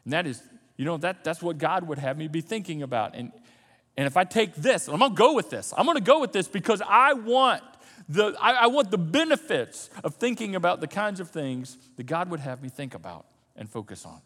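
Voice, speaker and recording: High-voiced pastor preaching in a hall. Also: male voice, fairly quick. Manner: animated, swings from loud emphasis to soft and low. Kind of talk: sermon. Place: church sanctuary.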